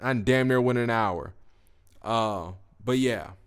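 A young adult man hosting a podcast, telling a profane, slangy story in a casual, animated monologue. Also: mid-range voice, slow pace, clean tone. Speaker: podcast host.

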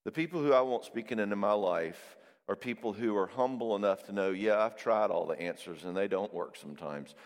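A man's voice: lowish voice, fairly quick, hardly any pauses, big-room sound. A man preaching in a loose, conversational way, acting out the quoted voices of people he describes. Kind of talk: sermon.

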